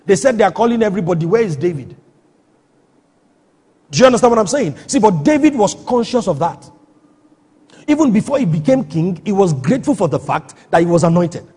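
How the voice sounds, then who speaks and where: A man preaching with a high, very husky voice that carries a long reverb from the hall around him. He presses his points with rhetorical questions, checking that the congregation is following him. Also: sing-song, a little fast, pauses often, a little mellow. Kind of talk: sermon.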